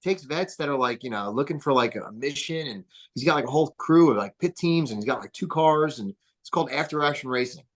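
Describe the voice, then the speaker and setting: A man from New Jersey, a podcast guest, telling stories in a casual, rambling way with lots of fillers and bursts of excitement. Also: medium pitch, a little fast, few pauses. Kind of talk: casual interview storytelling.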